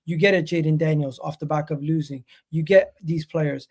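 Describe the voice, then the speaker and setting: A man with a fairly high, strongly gravelly voice hosts a casual football chat. He talks bluntly and with energy, dropping "bro" into his points. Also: normal speed. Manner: animated, blunt, calls people bro. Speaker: podcast host.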